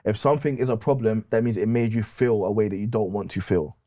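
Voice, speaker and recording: A man's voice: on the low side, quick pace, dark tone. A man in his thirties with a London accent, a podcast guest giving blunt, opinionated views in casual slang. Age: 30s. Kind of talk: candid podcast conversation.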